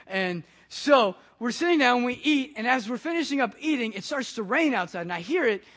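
A man, a pastor, telling a personal story in a conversational, animated way during a sermon. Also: very high-pitched, fairly quick.

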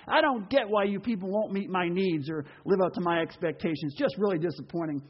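High-voiced animated male preacher. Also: fairly quick, hardly any pauses, muffled recording. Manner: animated, acts out quoted voices, laughs. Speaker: pastor. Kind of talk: sermon.

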